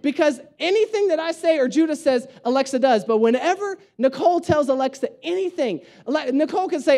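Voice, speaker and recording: A man's voice: very high voice, a little fast, few pauses. A young man, a pastor, preaching a conversational sermon full of jokes and home stories. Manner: animated, joking storyteller.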